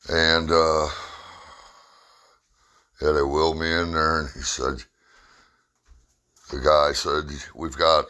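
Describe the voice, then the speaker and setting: A man's voice: a bass voice, sharp tone. A middle-aged man telling a personal story in a plainspoken, rambling way with blunt humor.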